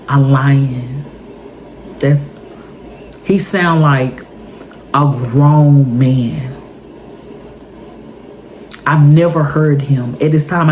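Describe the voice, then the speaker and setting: A woman's voice: low voice, dark tone, a little hiss or hum, poor audio. A woman in her thirties, telling an intense personal story for her vlog in an emotional, repetitive way. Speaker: vlogger. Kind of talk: story time monologue.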